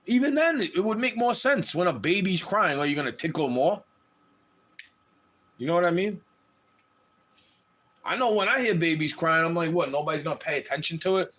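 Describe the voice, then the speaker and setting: A man with a high voice holds forth on a livestream in a heated, swearing rant. His pitch climbs and plunges widely as he talks, so the delivery sounds restless and agitated throughout. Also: very animated, moderate pace, pauses often, fairly bright tone. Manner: heated, profane, ranting.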